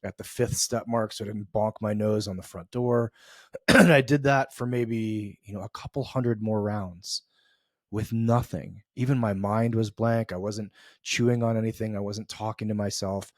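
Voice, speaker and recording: A man's voice: fairly low pitch, fairly even intonation, moderate pace, no echo, studio quality. A middle-aged man from the US East Coast hosting a podcast, telling a reflective story in a loose, conversational way with many fillers and restarts. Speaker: podcast host.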